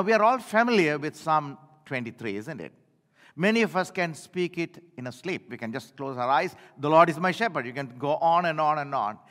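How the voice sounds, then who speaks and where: An older man preaching a sermon in a church, telling stories and swinging from loud declarations to hushed lines. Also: a little high, in a large hall. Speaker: pastor.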